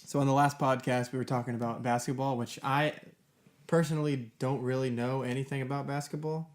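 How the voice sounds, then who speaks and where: A man's voice: medium pitch, fairly even intonation, a little fast. A young man on a casual podcast, joking with his co-hosts in a wry, teasing way. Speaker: podcast co-host. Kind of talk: casual banter.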